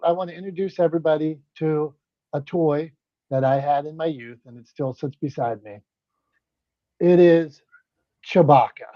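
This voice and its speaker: A man with a higher voice and a regional American accent hosts a loose, joking group chat, excitable and quick to restart his lines. His voice comes through dry but a little dull and lo-fi, as over a video call. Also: no room sound. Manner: playful, excitable, lots of restarts. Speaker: host. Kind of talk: casual podcast banter. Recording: slightly dull lo-fi sound.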